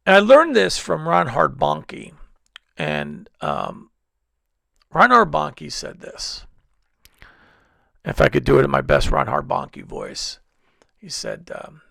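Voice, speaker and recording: A man's voice: a little high, wildly swooping pitch, a little slow, creaky, pauses often, a bit bright, no room sound, studio quality. A male pastor preaching a sermon at a church service, telling stories in a rambling way with many restarts.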